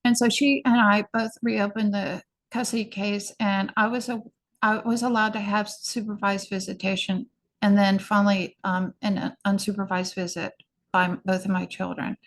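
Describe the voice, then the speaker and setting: Middle-aged woman, podcast guest. Earnest, hurried personal testimony, mid pitch, gravelly fry. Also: level tone, slight background noise. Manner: earnest, hurried recounting with frequent restarts. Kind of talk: personal storytelling in an interview.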